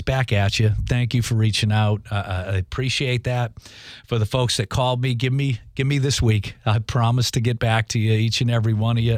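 A man's voice: medium pitch, no room sound. A man hosting a talk show, speaking in a folksy, rambling way with lots of fillers and restarts. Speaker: radio show host. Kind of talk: casual talk show monologue.

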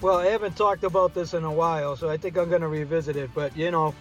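A man's voice: a little high, fairly even intonation, quick pace, lo-fi sound, soft background music. A man with a Boston accent giving a rambling, folksy monologue as a show's regular contributor, full of "you know" and "uh". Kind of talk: casual chatty monologue.

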